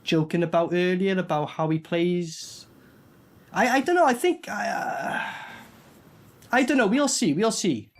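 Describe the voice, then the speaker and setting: A man's voice: sits high, expressive, measured pace. A man reviewing a film in casual reaction commentary, blunt, sweary and rambling.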